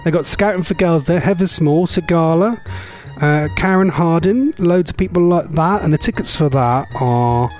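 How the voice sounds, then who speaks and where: A man presenting a casual radio show, rambling and chatty, his voice going a bit hoarse. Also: a little high, moderate pace, darkish tone, soft background music. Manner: rambling, chatty, laughs often.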